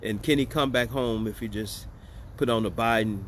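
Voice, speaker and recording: A man's voice: lowish voice, normal speed, a bit bright, slight background noise. A man hosting casual political commentary, joking and sarcastic as he talks straight to his viewers. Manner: joking, sarcastic and chatty, addressing viewers as y'all. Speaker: host.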